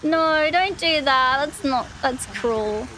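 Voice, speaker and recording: A young woman with an Australian accent reacts on a live stream in a high voice. She speaks at an unhurried pace, breaking into exclamations and laughter as she comments. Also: bright, forceful tone. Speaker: VTuber streamer.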